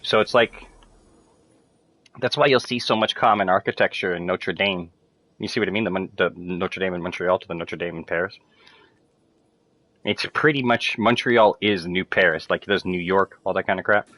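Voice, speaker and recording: A man's voice: low-pitched, normal speed, pauses often, pushed and bright, dry recording. A man chatting casually while playing a video game, rambling with lots of fillers and swearing freely. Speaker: gamer streaming to friends.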